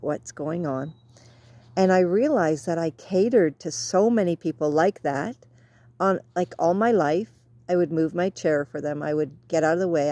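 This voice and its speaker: Middle-aged woman, low mellow voice, rambling reflective vlog chat recorded outdoors. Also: dry recording. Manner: rambling, soft and reflective, drifts off topic. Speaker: vlogger. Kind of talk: casual personal reflection.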